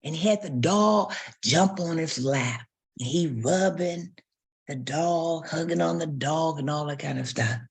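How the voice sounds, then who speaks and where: A woman's voice: low-pitched, measured pace, husky. A woman pastor preaching a sermon, telling stories and acting out quotes and barking sounds.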